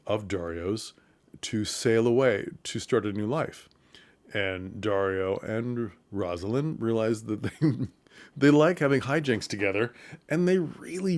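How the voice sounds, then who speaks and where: A man casually retelling a comedy film's plot for theatre makers, with chuckles and quick put-on voices for the characters. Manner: animated retelling, quick falsetto bits for quoted characters; chuckles through the telling. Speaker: theatre commentator. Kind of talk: casual film recap.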